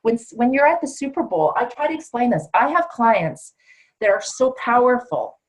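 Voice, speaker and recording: A woman's voice: fairly high pitch, sing-song, normal speed, rough recording. A middle-aged woman coach teaching a certification class in a conversational, emphatic way, sometimes acting out what her clients say. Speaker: coach trainer.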